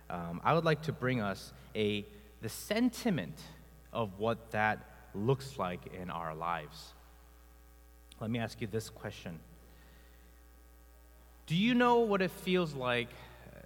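A pastor from South Korea preaching a sermon, telling personal stories in a conversational way with many filler sounds. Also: male voice, mid-range voice, long reverb tail.

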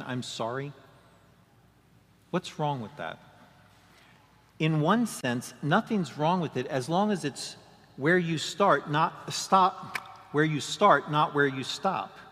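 A man's voice: on the high side, a bit bright. A man preaching a sermon, asking rhetorical questions and acting out quoted excuses. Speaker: pastor. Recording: long hall reverb.

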